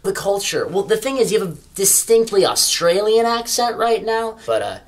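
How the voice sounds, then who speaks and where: A woman playing an exasperated friend, halting and incredulous. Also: medium pitch, sing-song, natural voice. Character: exasperated friend, skeptical and irritated. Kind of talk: comedy sketch acting.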